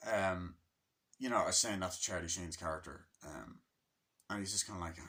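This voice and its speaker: A man's voice: low voice, normal speed, pushed and bright. A man giving a casual, rambling movie review, swearing freely and loosely chatty.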